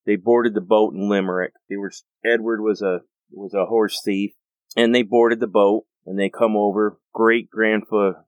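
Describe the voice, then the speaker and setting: A man's voice: fairly low pitch, flat delivery, normal speed, no echo, highs cut off. An American man with an earnest, rambling way of talking, hosting a casual monologue full of restarts. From United States. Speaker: host.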